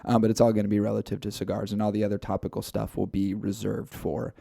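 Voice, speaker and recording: Low, mellow-voiced male podcast host. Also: flat delivery, quick pace, vocal fry, no room sound, studio quality. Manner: loose, rambling delivery with fillers. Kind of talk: casual podcast banter.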